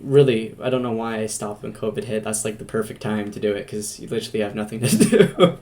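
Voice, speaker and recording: A man's voice: lowish voice, fast talker, warm tone. A male podcast host in casual chat with a small game team. He talks loosely, restarts his questions, and laughs often. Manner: laughs easily, rambling questions.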